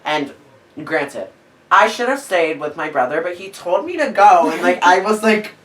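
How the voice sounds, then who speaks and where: A man in his twenties, a podcast host, telling a story in a casual, animated way, full of fillers and acted-out quotes. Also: sits high, normal speed, far from the mic, low-quality recording. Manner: animated, filler-heavy, acts out quoted lines.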